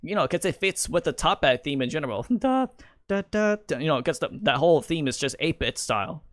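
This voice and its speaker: A man's voice: fairly high pitch, fast talker, fairly bright tone, dry recording, clean studio sound. Stammering young man streaming commentary. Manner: stammering, restarts a lot, rambling. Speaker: streamer and video creator. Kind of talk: casual live-stream commentary.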